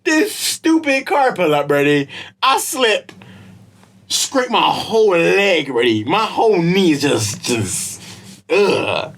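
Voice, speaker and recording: Animated young man telling stories. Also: high voice, takes it slowly. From Israel. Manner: animated slangy storyteller, laughs often. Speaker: podcast co-host. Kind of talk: casual chat.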